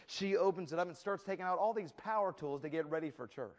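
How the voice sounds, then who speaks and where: A man's voice: high-pitched, fast talker. Man preaching with comic storytelling. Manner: humorous storytelling, lively acted asides. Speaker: pastor. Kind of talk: sermon.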